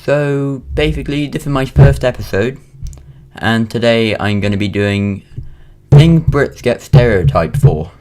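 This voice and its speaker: A man's voice: medium pitch, a little slow, darkish tone. A young man in his late teens from Wales, with a British accent, rambling through a casual vlog monologue with frequent ums and restarts, recorded at home. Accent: British English. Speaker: vlogger.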